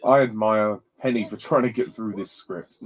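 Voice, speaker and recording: A man's voice: mid-range voice, rough recording. A man casually commentating on a film, blunt and scornful in his judgments.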